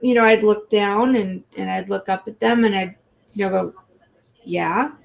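A woman with a gravelly, fry-laden voice chats on a podcast. She talks hesitantly and casually, circling back and restarting her sentences. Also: medium pitch, fairly even intonation, moderate pace. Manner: hesitant, many restarts and fillers. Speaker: podcast co-host. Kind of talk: casual chat.

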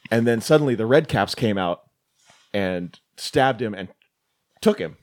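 A man co-hosting a podcast, retelling movie scenes in a casual, swearing way. His pitch swings widely as he quotes lines and breaks into laughter. The talk is loose and chatty. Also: a little slow. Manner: animated, swearing. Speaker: podcast co-host. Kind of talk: casual chat reviewing a film.

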